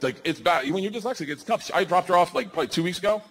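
A man doing a stand-up comedy set on stage, telling stories loudly with swearing and acted-out voices. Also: sits high, racing. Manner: loud, animated storytelling with swearing and acted-out voices. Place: comedy stage before a live audience. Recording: live audience noise in the background.

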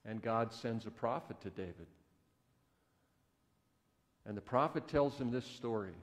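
A man's voice: medium pitch, unhurried. A man who is a pastor, telling a story in a conversational, folksy sermon in a church. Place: church sanctuary. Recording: echoey church hall.

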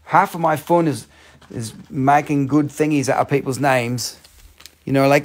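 A man's voice: medium pitch, unhurried. A man hosting a live rock sales stream, joking and rambling in playful sales patter.

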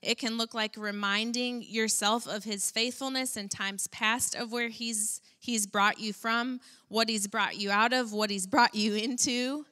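Bright-voiced woman preaching conversationally. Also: on the high side, a little slow, hardly any pauses. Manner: conversational, animated preaching with fillers. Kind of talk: sermon. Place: church.

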